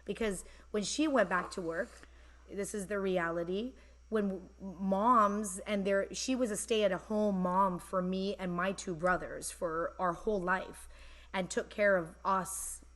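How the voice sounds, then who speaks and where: A woman's voice: mid-range voice, steady tone, unhurried, fairly bright tone. Woman in her 40s on a phone live stream, chatty, emotional, rambles a lot. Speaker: host. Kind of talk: casual live-stream chat. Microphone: phone camera.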